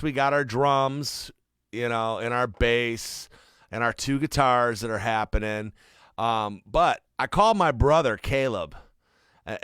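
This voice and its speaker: A man's voice: mid-range voice, a bit bright, clean tone, no room sound. A man producing music, giving a casual, chatty walkthrough of a song's mix in his studio. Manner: laid-back, chatty, friendly tour of a mix.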